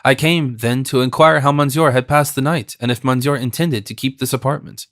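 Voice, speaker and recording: A man's voice: medium pitch, fairly even intonation, brisk, a bit bright, no room sound, clean studio sound, close to an everyday voice. A man reading the part of a middle-aged innkeeper who speaks with anxious deference, rambling politely around his point. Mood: deferential.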